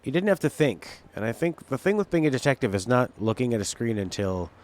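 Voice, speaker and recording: A man's voice: mid-range voice, sing-song, fairly quick, darkish tone. A male game streamer rambling through casual, opinionated, jokey commentary while he plays.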